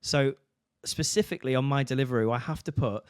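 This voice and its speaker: A man's voice: medium pitch, fairly quick, clean tone, no echo. Man, podcast co-host, sweary, acts out voices, very dry close sound. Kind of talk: casual comedic chat.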